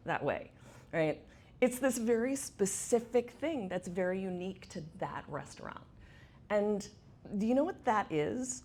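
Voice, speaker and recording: Chatty woman speaker, lowish voice. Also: lively intonation, moderate pace, darkish tone. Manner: chatty, asks the audience questions. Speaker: conference speaker. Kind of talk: conference talk. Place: event space with audience.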